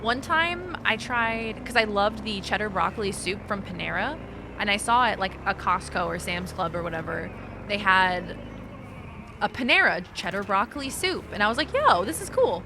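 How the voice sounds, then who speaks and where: A woman's voice: medium pitch, expressive, normal speed, background noise. A woman streaming a video game, chatting casually, laughing often and swearing freely. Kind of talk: casual chat while gaming.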